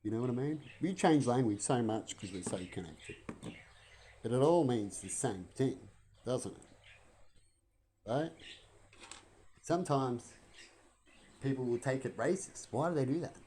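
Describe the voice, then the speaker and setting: A man's voice: mid-range voice, animated, measured pace, long pauses, dark tone, a little hiss or hum. A man, rambling through a casual vlog monologue full of rhetorical questions. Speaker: vlogger.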